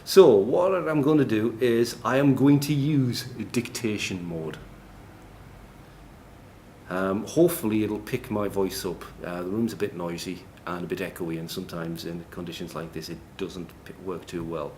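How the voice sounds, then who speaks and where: A man's voice: low voice, normal speed, dark tone. A man speaking at a conference, giving a chatty live tech demo in a noisy, echoey room. He jokes, laughs often and fills gaps with ums.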